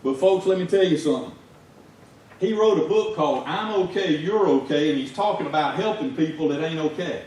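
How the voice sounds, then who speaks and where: This lay preacher has a Southern US accent and a fairly high, animated voice, speaking fairly quickly. His sermon is folksy and conversational, rising to shouts during stories. The recording catches an echoey church sanctuary from far off.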